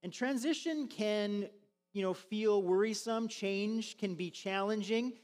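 A male pastor delivers a conversational sermon, dotted with fillers and restarts. His voice sits high for a man. The sound carries a long reverb from a large church hall. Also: slow, a little mellow. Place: church sanctuary.

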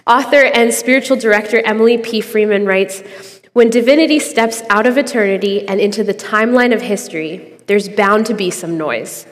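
A young woman shares a reflective devotional in an earnest, conversational way and laughs easily. She has a middle-pitched voice. The sound carries a long reverb. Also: a little fast. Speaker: podcast co-host giving a devotional.

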